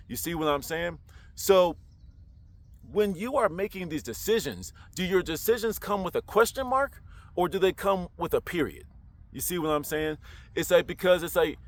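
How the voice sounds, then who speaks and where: A man talking casually to camera in a slangy, roundabout way, full of rhetorical questions. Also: on the high side. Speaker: online commentator.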